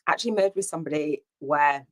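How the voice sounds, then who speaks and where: A low-voiced woman hosts a casual solo podcast, rambling from one thought to the next with lots of ums and acted-out snippets of dialogue. She tells stories at a conversational yet quick pace.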